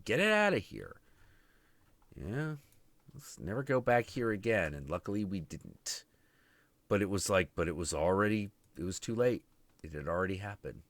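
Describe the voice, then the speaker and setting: Sarcastic, swearing man ranting in lively tones. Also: deep voice, no room sound. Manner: rambling, sarcastic, swears constantly; mocking impressions of film characters. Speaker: podcast host. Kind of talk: profane casual stream chat.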